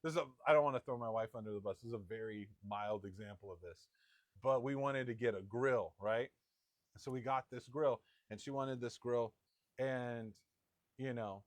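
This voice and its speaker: A middle-aged man preaching a sermon in a conversational storytelling manner, with quick asides. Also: lowish voice, no room sound, clean studio sound. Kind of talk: sermon with personal anecdote.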